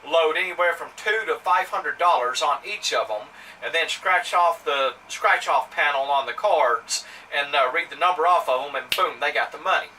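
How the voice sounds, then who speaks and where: Indignant Mississippi man, bright voice. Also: fairly high pitch, normal speed, hardly any pauses. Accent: Mississippi Southern. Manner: indignant, rambling with fillers and restarts. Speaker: vlogger. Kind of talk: casual storytelling to camera. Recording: somewhat distant mic with faint ambient noise.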